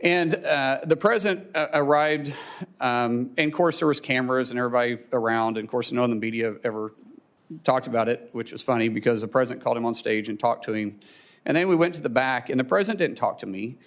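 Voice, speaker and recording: A man testifying at a hearing, telling a personal story in a halting way, repeating words and choking up. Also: medium pitch. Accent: Oklahoma. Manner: halting, repeats words, chokes up when emotional. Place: hearing room.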